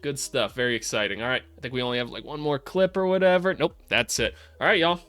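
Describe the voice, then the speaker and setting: A young man gives a casual breakdown of basketball film with an ordinary mid-pitched voice. He swears freely, talks straight to the players on screen, and gets loud and high when a play excites him. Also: quick pace, smooth, no echo, soft background music. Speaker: host breaking down draft prospects.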